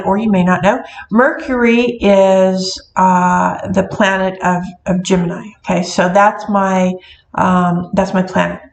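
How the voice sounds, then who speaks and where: A middle-aged woman chats casually to her viewers, rambling along with plenty of ums and restarts. Her voice sits at an ordinary pitch and carries a clear echo from the room around her. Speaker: witch and metaphysical shop owner. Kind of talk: casual talking-to-camera vlog. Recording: echoey room.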